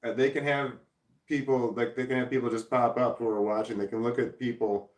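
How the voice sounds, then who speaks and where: An American man hosting a casual livestream, reading viewer comments aloud and rambling, thinking out loud and trailing off. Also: mid-range voice, little pitch movement, brisk, echoey room, recorded from a distance. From United States. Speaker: livestream host.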